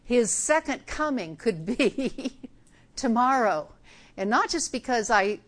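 A woman's voice: on the high side, big pitch swings, slow pace. An older woman giving a conversational sermon, acting out Bible scenes with humor. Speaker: preacher.

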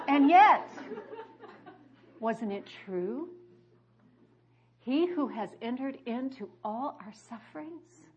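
A woman preaching a sermon that mixes scripture with personal stories, rising to loud declarations and dropping to hushed, quiet passages. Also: sits high, lively intonation, takes it slowly, long pauses, lo-fi sound, a little hiss or hum. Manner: emphatic, swings between loud declarations and hushed quoted speech.

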